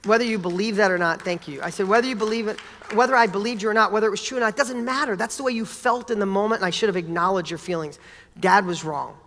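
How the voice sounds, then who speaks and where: Animated motivational speaker man, roomy reverb. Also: high-pitched, fast talker. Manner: energetic, animated storytelling with casual swearing. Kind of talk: motivational talk with personal story. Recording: long hall reverb.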